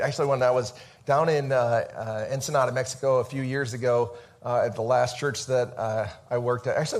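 A man's voice: mid-range voice, a little mellow. A male pastor giving a casual sermon in a church over a microphone, talking in a chatty, conversational way with many fillers and restarts. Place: church sanctuary. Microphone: amplified microphone.

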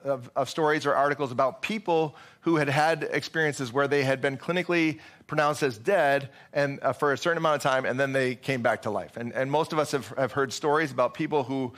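A male pastor preaching in a relaxed, conversational manner, his voice at an ordinary middle pitch. He drifts through fillers and restarts as he talks to the room. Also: fairly quick, hardly any pauses. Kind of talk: sermon.

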